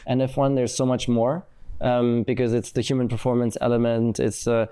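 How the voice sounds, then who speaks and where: Give me an animated man in his thirties telling stories in an interview, mellow timbre. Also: mid-range voice, normal speed, clear, resonant tone. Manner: animated, acts out quotes, frequent fillers. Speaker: guest, former racing driver. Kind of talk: conversational storytelling interview.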